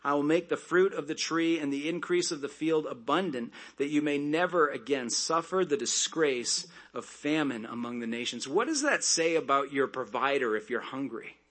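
A man preaching a sermon, reading scripture aloud and breaking off into conversational asides and quick jokes. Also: on the high side, animated, fairly bright tone. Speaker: pastor.

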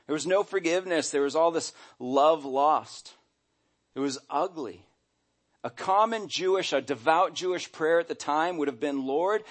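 A middle-aged man preaching a sermon as pastor, animated and acting out quoted voices. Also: a little high.

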